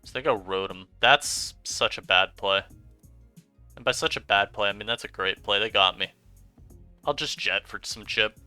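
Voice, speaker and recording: A man giving chatty, animated commentary over his own gameplay as a streamer, laughing often. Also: on the low side, fairly quick, no room sound, faint music behind. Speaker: online game streamer.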